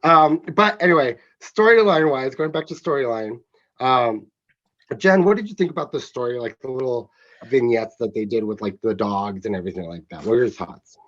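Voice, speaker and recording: A man's voice: mid-range voice, expressive, moderate pace, fairly bright tone. Easygoing male host, dull lo-fi audio. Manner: easygoing, steering the talk between guests. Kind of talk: hosting a casual film review talk.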